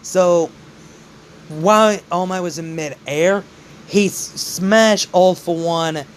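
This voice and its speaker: A man narrating a fan-made story in a casual, halting way with many restarts. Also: high voice, slight background noise.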